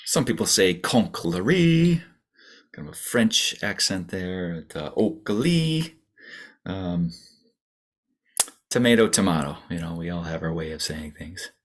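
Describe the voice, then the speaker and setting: A low-voiced man talks through a virtual birding tour in a loose, easygoing way. He is full of "uh"s and small restarts, and now and then mimics a bird call. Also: moderate pace, hardly any pauses, breathy edge. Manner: relaxed, chatty, many fillers, imitates bird songs. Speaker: audubon center director, tour guide. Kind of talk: informal narrated birding tour.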